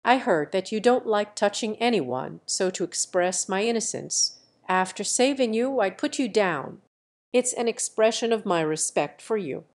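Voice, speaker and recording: A woman reading the part of a brash, easygoing young male martial hero who talks in a calm, lecturing, self-assured way. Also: medium pitch, unhurried. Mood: explaining.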